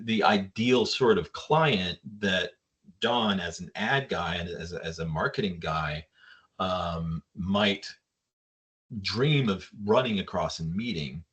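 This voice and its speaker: A man's voice: low-pitched, fairly bright tone. A man, a yacht designer, talking reflectively as an interview guest and retelling a story at length. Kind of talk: conversational interview.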